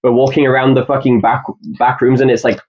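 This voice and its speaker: A man chatting casually about films, relaxed and enthusiastic, with some filler words. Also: mid-range voice, fairly quick, lo-fi sound. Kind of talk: casual film discussion.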